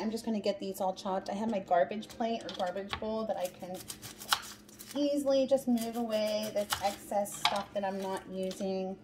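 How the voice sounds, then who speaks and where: A woman hosting a casual cooking demonstration in a home kitchen, chatting through each step as she works. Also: mid-range voice. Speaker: cooking show host. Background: background music.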